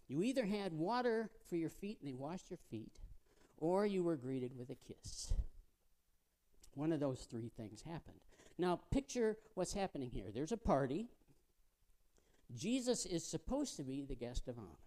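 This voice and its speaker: His pitch fairly high and sing-song, this guest preacher keeps a measured pace through his sermon. He brings the story to life, poses questions to the congregation, and drops to a hush for emphasis.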